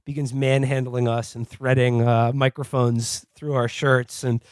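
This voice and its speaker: A man's voice: medium pitch, flat delivery, a little slow, darkish tone, clean tone, no echo. A man co-hosting a podcast in casual comedic chat, rambling with lots of fillers and laughing often. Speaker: podcast co-host.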